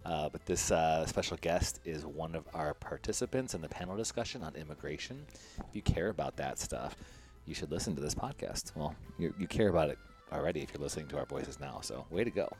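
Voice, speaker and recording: Very deep-voiced joking male host. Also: darkish tone, soft background music. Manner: joking and rambling, quick to laugh. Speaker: podcast host. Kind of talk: casual chat and interview.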